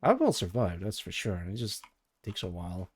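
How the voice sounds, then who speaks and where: A low-voiced man chatting on a live stream, wandering from tangent to tangent as he thinks aloud. He talks casually to his viewers, with faint music playing behind him. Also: wildly swooping pitch, moderate pace, breathy edge. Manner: rambling, thinking aloud, talking to chat.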